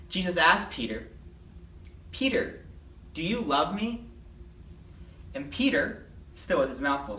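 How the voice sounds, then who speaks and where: A lively storyteller leads a children's Bible lesson and gives the characters their own voices. The voice sits at a middle pitch. It sounds roomy, caught from a distance with faint background noise. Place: church. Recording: echoey room, mic at a distance.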